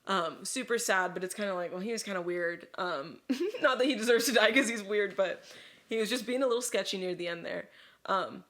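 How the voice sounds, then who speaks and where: Young woman, podcast co-host, casual chat, rambling, filler-heavy, laughs often, mid pitch. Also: a little fast, fairly bright tone. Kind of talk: casual chat, retelling a story.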